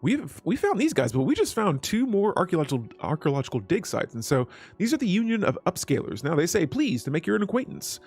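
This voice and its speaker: Lively, chatty man narrating gameplay. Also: high voice, quick pace, few pauses, breathy edge, soft background music. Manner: chatty, talks to viewers while clicking through menus. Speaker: let's play host. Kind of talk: gameplay commentary.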